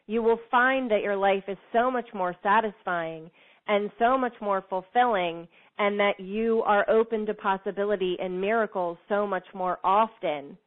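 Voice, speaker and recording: A woman giving an earnest, encouraging motivational talk to her listeners, repeating phrases for emphasis. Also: medium pitch. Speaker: motivational speaker. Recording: tinny phone-like sound.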